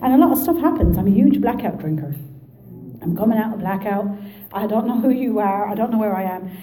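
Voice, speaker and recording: A woman with an Irish Midlands accent telling her story at a recovery meeting, lively and joking. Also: medium pitch, a little fast, roomy sound, rough recording. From Ireland. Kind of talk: personal testimony to an audience.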